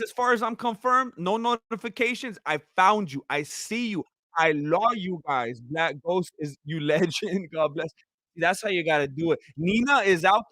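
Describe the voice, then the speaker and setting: On a casual livestream, a young man with a bright, high voice reads out viewer comments, breaking into laughter and exclamations before trailing into quieter, sincere thanks. Hours of talking have left him hoarse. He speaks at a normal speed, miked close and dry with no room sound.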